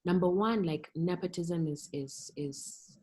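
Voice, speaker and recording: Young Kenyan woman guest, thoughtful and halting, lowish voice. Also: warm tone. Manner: reflective, many fillers and trailing restarts. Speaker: podcast guest. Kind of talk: casual chat.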